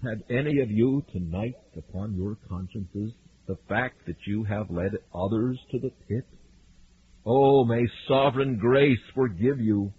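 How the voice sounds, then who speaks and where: A man preaching a fiery sermon, swinging from hushed warnings to loud cries. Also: lowish voice, a little slow. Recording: narrow lo-fi radio broadcast with faint hiss.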